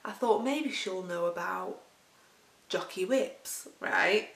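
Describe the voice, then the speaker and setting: She speaks slowly in a fairly low, creaky voice that is a bit bright. As a weight-loss vlogger with a Lancashire accent, she drifts through casual, chatty stories with laughter, recorded in a roomy space far from the mic.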